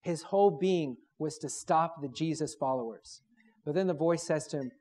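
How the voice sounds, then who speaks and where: A man's voice: fairly high pitch, normal speed, darkish tone. A man preaching to university students, emphatic and repetitive, piling up short phrases and leading the group to read aloud together.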